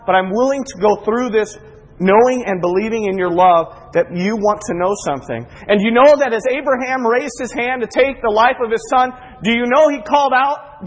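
A man preaching a sermon as a pastor, his voice rising to emphatic peaks and dropping to hushed, intimate asides. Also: extremely high pitch. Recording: husky voice with long reverb of a large hall.

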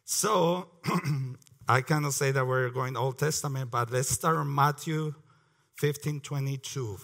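Bright-voiced man preaching. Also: mid-range voice, fairly even intonation, normal speed. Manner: earnest, repeats words, clears throat often. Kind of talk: prayer and Bible teaching.

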